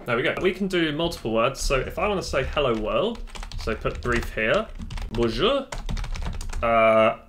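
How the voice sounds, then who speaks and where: Man hosting a laid-back tech how-to, mid-pitched, jokey and self-mocking, with faint keyboard clicks in the background. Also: big pitch swings, normal speed, noisy background. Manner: chatty, joking, self-deprecating. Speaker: tech tutorial host. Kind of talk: casual screen-recorded tutorial. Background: faint keyboard typing.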